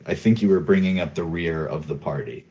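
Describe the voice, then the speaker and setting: A man running a tabletop game as game master, calmly describing scenes and directing players. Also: low-pitched, brisk, soft background music, poor audio.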